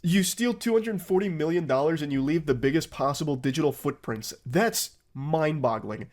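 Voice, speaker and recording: A man's voice: a little high, moderate pace, darkish tone. A congested man narrating a commentary video in a mocking, sarcastic tone.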